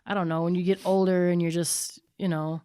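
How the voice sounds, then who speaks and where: A woman in her thirties, a guest in a casual chat, laid-back and quick to laugh and swear. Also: lowish voice, flat delivery, mellow, clean tone, no room sound.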